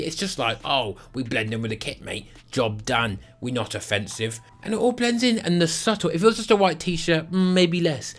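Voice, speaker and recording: A man casually reviewing football kits, blunt and sarcastic with lots of swearing. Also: fairly high pitch. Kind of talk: casual rating vlog.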